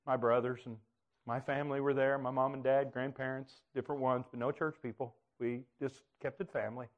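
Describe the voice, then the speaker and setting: A man preaching, telling a personal story in an earnest way that swings from hushed to loud. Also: mid-range voice, flat delivery, fairly quick, narrow, tinny audio. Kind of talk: personal testimony sermon.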